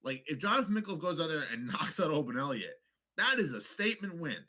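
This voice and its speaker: A man co-hosting a podcast, chatting about fights in an animated, profane way and slipping into mock voices. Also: a little high, fast. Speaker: podcast co-host. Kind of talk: casual sports banter.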